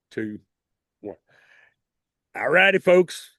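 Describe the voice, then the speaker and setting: A man's voice: sits high, expressive, brisk, no echo, clean studio sound. A middle-aged man hosting a talk show, folksy and chatty, counting down to air and addressing his viewers.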